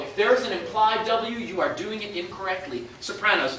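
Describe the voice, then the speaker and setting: A high-voiced male choral conductor runs rehearsal in a very echoey room, heard from a distance over steady background noise. He is brisk, exacting and a little wry, counting the choir in and modeling each word for them. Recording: echoey room from far off, noisy.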